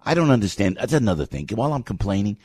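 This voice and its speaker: Guy ranting on talk radio, voice jumps all over, kinda husky, dry close mic. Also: big pitch swings, rapid-fire, no echo. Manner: fired-up, rambling, swings from loud outbursts to low asides. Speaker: radio talk show host. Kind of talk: opinionated talk radio monologue.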